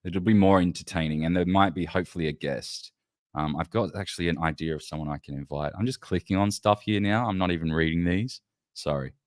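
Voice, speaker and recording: A man's voice: deep voice, brisk, no room sound, studio quality. A man hosting a casual livestream, rambling loosely and swearing as he chats with his viewers. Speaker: livestream host.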